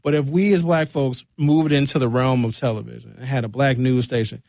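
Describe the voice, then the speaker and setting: A man's voice: fairly even intonation, a little fast, creaky, a little mellow, dry recording, studio quality. Ranting talk radio host, man. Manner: ranting, mocking, jumps into high comic voices. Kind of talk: opinionated talk radio monologue. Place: radio studio.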